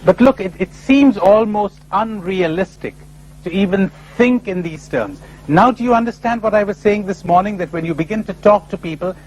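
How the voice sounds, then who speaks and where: A man giving a spiritual talk to a live audience, animated and full of rhetorical questions, often acting out other people's replies. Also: high-pitched, moderate pace, a little hiss or hum, rough recording. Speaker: spiritual speaker. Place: lecture before a live audience.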